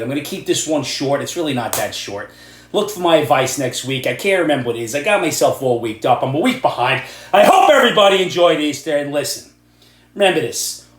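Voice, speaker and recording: Ranting, sarcastic middle-aged man. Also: fairly high pitch. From Ireland. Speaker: vlogger ranting about the news. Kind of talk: angry political rant vlog. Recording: echoey room.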